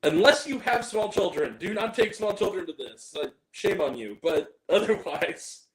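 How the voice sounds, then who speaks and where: Lively high-voiced man reviewing movies. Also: normal speed, reverberant, low-quality recording. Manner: animated, joking, mock-angry rants. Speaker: movie review show host. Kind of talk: casual movie review talk.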